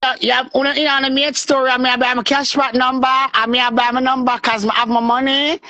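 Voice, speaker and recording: A woman's voice: sits high, level tone, fast talker, bright, forceful tone, no room sound, highs cut off. A woman with a Jamaican accent calling into a live stream, anxious and insistent, repeating herself. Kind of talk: agitated live-stream call.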